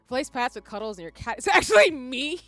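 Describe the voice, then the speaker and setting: A woman streamer in a loose, rambling chat with her viewers. Her voice is bright and fairly high, with pitch that swings around freely. She laughs often, and soft music plays behind her. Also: sing-song, quick pace, no echo. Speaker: live streamer. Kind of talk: casual live-stream chat.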